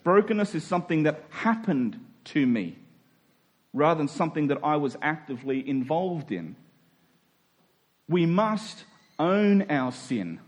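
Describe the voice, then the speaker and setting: Male pastor, sermon, high-pitched voice, emphatic, slows for emphasis. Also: sing-song. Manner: emphatic, slows down to stress key words.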